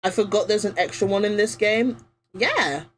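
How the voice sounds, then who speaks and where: A woman's voice: mid-range voice, moderate pace. Chatty woman streamer, strained voice. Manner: chatty, rambling, with many fillers. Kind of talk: casual gameplay chat.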